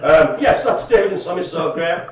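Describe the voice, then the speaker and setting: A man's voice: high voice, brisk, crowd noise. Jokey man, echoey distant mic. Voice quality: chatty, jokey, animated storytelling. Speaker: co-host. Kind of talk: casual live-stream chat. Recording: echoey room, far from mic.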